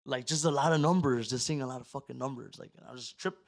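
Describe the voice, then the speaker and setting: Profane, animated male storyteller. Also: medium pitch, quick pace. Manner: profane, animated, swings from loud to hushed; acts out his own quoted words. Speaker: podcast guest. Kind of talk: casual storytelling.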